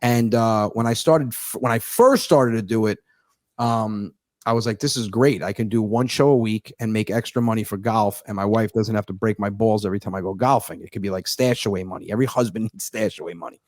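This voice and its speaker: A man in his thirties, a comedian telling stories in a fast, profane, sarcastic casual chat. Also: on the low side, darkish tone, no room sound, studio quality. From United States. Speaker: comedian guest.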